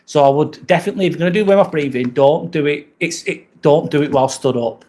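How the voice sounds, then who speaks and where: A man's voice: mid-range voice, a little mellow. A man with an English accent hosting a casual live stream from an apartment, chatting and answering viewer comments as they come in. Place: rented apartment indoors.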